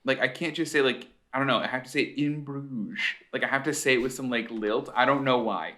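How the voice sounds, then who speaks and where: A man's voice: mid-range voice, fast, pushed and bright. Enthusiastic man co-hosting a podcast. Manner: enthusiastic, laughing, self-deprecating. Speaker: podcast co-host. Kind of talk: casual chat. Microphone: video call.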